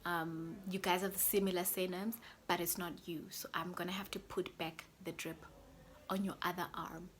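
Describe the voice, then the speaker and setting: A young woman with a lowish voice tells her story straight to her viewers in a loose, chatty way. She often sinks into a soft whisper mid-sentence. A faint hiss sits under the recording. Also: level tone, moderate pace. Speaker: vlogger. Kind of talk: casual storytelling to camera.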